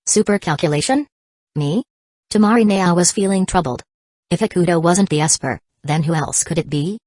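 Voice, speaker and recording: Low-voiced woman narrating an audiobook. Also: fairly quick, a little mellow, no room sound.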